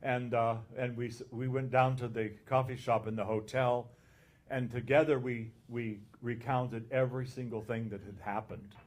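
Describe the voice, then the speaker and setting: A man who is an abbot, telling an anecdote in a conference talk and recounting the dialogue in an unhurried way. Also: medium pitch, flat delivery.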